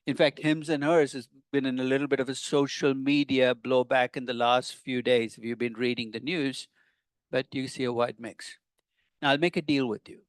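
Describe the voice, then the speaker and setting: An older man teaches a class in a relaxed, conversational way, tossing wry asides at his students. His voice sits at an ordinary middle pitch. The sound is close and dry, with little room echo. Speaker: professor. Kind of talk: classroom lecture. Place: lecture hall with students.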